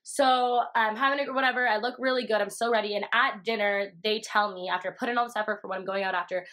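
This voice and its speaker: A young woman telling a story in a casual, profane way, full of fillers and animated quotes. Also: mid-range voice, quick pace. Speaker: vlogger.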